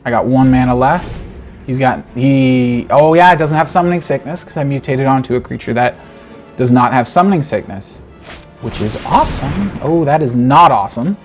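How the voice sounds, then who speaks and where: A man giving casual, animated commentary on his own card game, talking to himself and joking through his frustration. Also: medium pitch, moderate pace, soft background music. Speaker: game streamer. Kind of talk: gameplay commentary.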